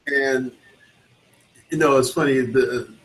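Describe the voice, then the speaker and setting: A man chatting casually about movies on a film show, with a voice of ordinary middle pitch. He tells stories with relish and jumps into acted-out voices for the scenes he describes. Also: a little slow, a little hiss or hum, low-quality recording. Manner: animated storytelling, acting out film scenes in voices.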